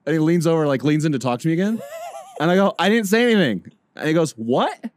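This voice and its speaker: A man co-hosting a podcast, chatting casually and telling loud, playful bar stories. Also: fairly high pitch, lively intonation, quick pace, slight background noise. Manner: loud, playful storyteller acting out bar encounters. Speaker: podcast co-host. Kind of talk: casual chat.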